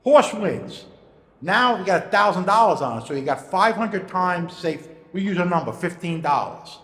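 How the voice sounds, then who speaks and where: A man telling stories in casual chat, animated, acting out the voices of the people in his stories. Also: sits high, normal speed. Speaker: storyteller. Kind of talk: casual storytelling. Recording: echoey room with long reverb.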